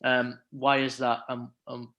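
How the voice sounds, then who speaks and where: Halting man asking a question, flat tone. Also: mid-range voice, lo-fi sound, heavy background noise. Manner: halting, slow, many ums. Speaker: audience member asking a question. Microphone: video call.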